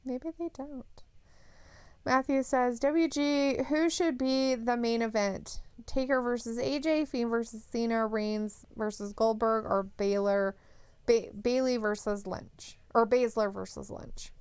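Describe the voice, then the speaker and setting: A woman's voice: on the high side, steady tone, a little slow, darkish tone, smooth, no echo. A woman co-hosting a live stream in casual chat, laughing often as she reads viewer comments aloud.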